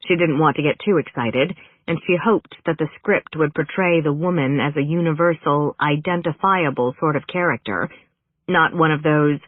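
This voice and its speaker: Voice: mid-range voice, moderate pace. An audiobook narrator reads scripted prose with wry, dry humor. The recording is thin and phone-like, with dry, close sound and no room echo. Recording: narrow phone-like band, dry.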